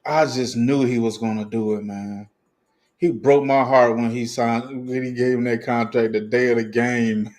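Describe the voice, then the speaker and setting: A man's voice: mid-range voice, normal speed. A man hosting a fan livestream, ranting profanely in heavy slang, laughing often and reading chat comments aloud. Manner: profane, animated, laughs often, restarts a lot; heavy slang, talks straight to viewers. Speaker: sports fan livestream host.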